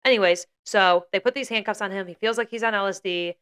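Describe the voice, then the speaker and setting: A woman's voice: medium pitch, fast talker, fairly bright tone, clean tone. A young woman co-hosting a podcast, casually retelling a story with lots of "like" and acted-out quotes. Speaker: podcast co-host.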